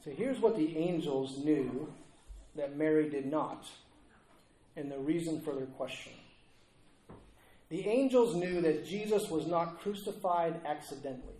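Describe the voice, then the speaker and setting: A man's voice: on the high side, lively intonation, unhurried, pauses often, dark tone, reverberant, slight background noise, poor audio. A man preaching an earnest sermon in a church, pressing his listeners with rhetorical questions.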